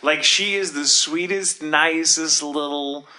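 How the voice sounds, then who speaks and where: A man co-hosting a casual podcast chat, telling stories in an animated way and often breaking into laughter. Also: fairly high pitch, takes it slowly. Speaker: voice actor and co-host.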